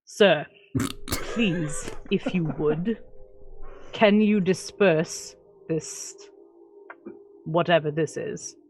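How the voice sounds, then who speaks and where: A woman voicing a calm, stern male guard captain with a lowered voice. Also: drawn-out words, pauses often, soft background music, low-quality recording.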